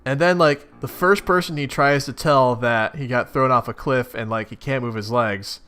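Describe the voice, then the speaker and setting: A young man casually reading a webcomic aloud and reacting in a chatty, expressive way. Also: medium pitch, moderate pace, clear, resonant tone. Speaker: reader of a webcomic. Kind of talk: casual read-along with reactions.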